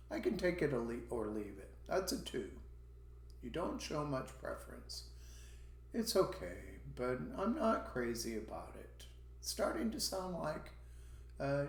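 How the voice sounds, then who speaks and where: A man teaches a recorded language lesson, moving through his points slowly and repeating each example phrase so students can copy the intonation. His pitch swings up and down in a lively way. The sound carries a roomy echo.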